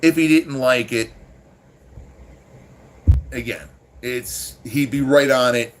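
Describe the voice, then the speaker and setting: A man's voice: medium pitch, slow. A man hosting a casual livestream, rambling with many restarts and swearing freely as he talks to his chat. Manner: rambling, profane, irritated with chat. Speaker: livestream host.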